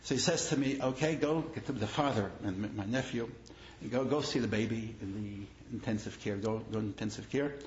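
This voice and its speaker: A rabbi lectures through personal stories in a voice on the low side, speaking a little fast. He repeats his phrases and grows emphatic as he goes. The room is echoey, the sound dull and lo-fi with faint noise.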